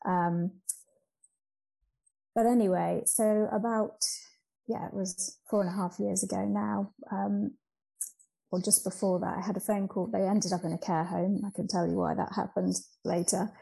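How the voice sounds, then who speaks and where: A woman's voice: lowish voice, vocal fry, warm tone, husky, rough recording. A woman, a change coach talking as a guest, reflective and hesitant with frequent ums. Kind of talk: conversational interview.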